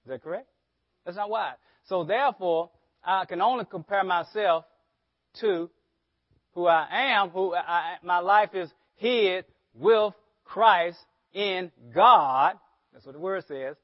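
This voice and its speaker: A man's voice: sits high, slow, no echo. A man preaching a sermon as pastor, often asking the congregation rhetorical questions. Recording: dull lo-fi sermon audio.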